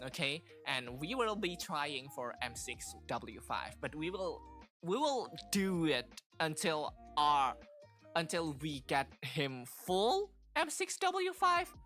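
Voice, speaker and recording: A man streaming a game, chatting casually and excitedly, repeating himself with lots of fillers. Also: a little high, slow pace, soft background music.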